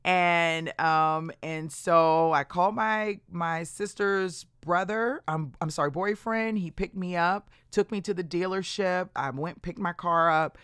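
A woman's voice: fairly low pitch, a little slow, hardly any pauses, fairly bright tone, smooth, no echo, clean studio sound. A woman podcast host telling her personal story in a candid, conversational way, often acting out what other people said.

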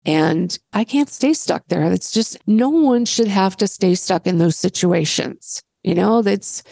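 A woman's voice: medium pitch, a little slow, gravelly, mellow, dry recording. Blunt, swearing woman telling her story. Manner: blunt, swears freely, repeats phrases while thinking. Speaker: guest. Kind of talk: candid personal storytelling.

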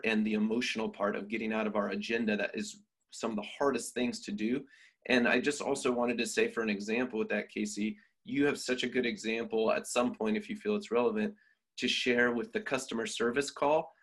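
A man's voice: fairly low pitch, steady tone, normal speed, fairly bright tone, breathy edge. A man co-hosting a podcast about communication training, thinking aloud in a reflective way. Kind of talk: conversational podcast talk.

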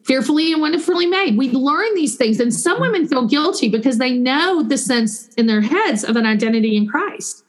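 A woman, a Christian counselor and author answering interview questions in an animated way. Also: sits high, moderate pace, few pauses. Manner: animated, warm storytelling with quoted voices; guides listeners through a breathing exercise.

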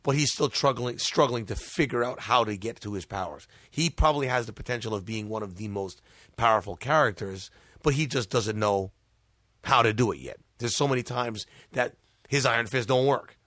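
A man's voice: medium pitch, moderate pace, bright, forceful tone, no room sound, studio quality. A man in casual chat, laid-back and joking, hesitating with fillers as he weighs his answer.

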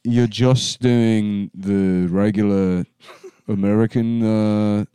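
A man's voice: on the low side, steady tone, slow, dark tone, smooth, no room sound, clean studio sound. A man co-hosting a comedy podcast in casual chat, blunt and joking, swearing freely. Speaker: podcast co-host.

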